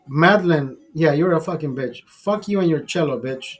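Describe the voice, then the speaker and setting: Host type, a man, crude and petty storyteller, a touch higher-pitched, husky, light music under him. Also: normal speed. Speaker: livestream host. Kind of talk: profane storytelling rant.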